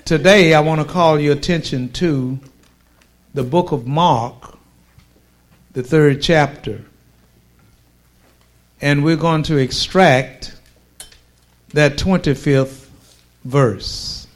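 A man preaching a sermon with a slow, drawn-out cadence, pausing for emphasis and delivering forceful declarations. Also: a little high.

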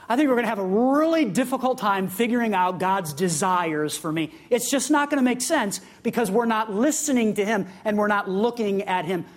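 Conversational preacher reading scripture. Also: medium pitch. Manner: conversational, with humorous asides and laughs; asks the audience direct questions.

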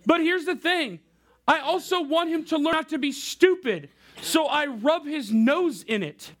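High-voiced casual youth preacher man. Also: expressive, a little slow, a bit bright. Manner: casual, conversational preaching to a young crowd. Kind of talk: sermon.

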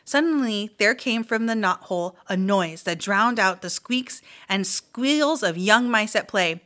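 A woman reading a children's chapter book aloud as a mystery reader, with lively, expressive storytelling. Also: mid-range voice, a little slow.

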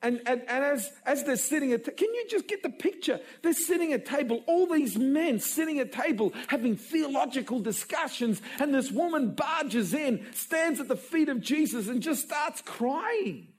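A man's voice: extremely high pitch, expressive, moderate pace, hardly any pauses. A man preaching a sermon, retelling a Bible story with emotion and stammered restarts.

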